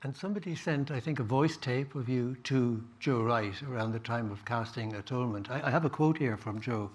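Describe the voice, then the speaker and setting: A man's voice: medium pitch, fairly quick. A man hosting a casual interview, asking friendly, playful questions.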